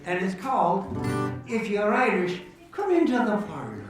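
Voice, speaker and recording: A man hosts a musical show in a parlor with plenty of echo, bantering and joking easily with the audience as a guitar plays. The distant mic gives a roomy sound, and his high voice has a sing-song lilt at a measured pace.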